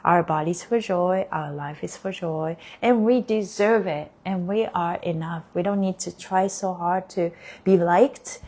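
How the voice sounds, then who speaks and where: A woman who mentors body awareness, leading a slow, soothing repeat-after-me affirmation session on a phone live stream. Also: on the low side, a little mellow. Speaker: embodiment mentor.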